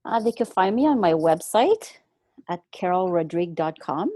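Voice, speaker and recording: Woman artist guest from quebec, relaxed chat, dry close sound. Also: lowish voice, moderate pace, no room sound. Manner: easygoing, laughs often. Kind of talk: casual interview chat.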